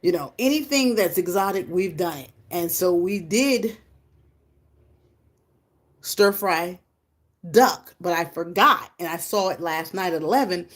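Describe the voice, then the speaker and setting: A rambling, chatty woman hosting a casual livestream. She has a fairly low voice that leaps into high, loud exclamations. She talks straight to her viewers and greets them by name. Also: unhurried, pauses often. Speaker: livestream host.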